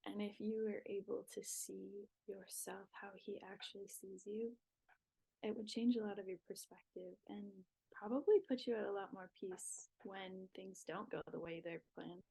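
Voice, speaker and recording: A young woman, a podcast guest, talking in a relaxed, reflective way about faith and new motherhood. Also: mid-range voice, unhurried, creaky, slightly rough, rough recording. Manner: reflective, talks with her hands. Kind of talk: casual faith talk.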